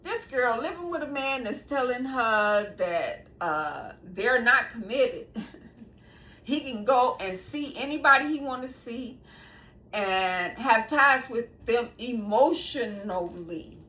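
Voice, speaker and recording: High, lively woman in her sixties. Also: takes it slowly. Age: 60s. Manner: laughs often between sentences; talks straight to viewers, animated and emphatic. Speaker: host. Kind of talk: casual monologue to camera.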